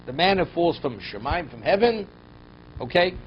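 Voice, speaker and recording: Lively male rabbi teaching a class. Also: fairly high pitch, moderate pace. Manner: reads Hebrew verses, then explains in English with rhetorical questions; voice rises and drops sharply for emphasis. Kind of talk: Torah class, translating and explaining verses. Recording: dull lo-fi recording, faint noise.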